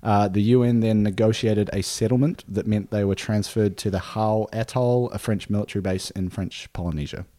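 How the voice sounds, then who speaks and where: A man with a low voice hosting a casual history podcast, working through his notes in a relaxed way. He fills pauses with "uh" and "um" and laughs easily. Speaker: podcast host.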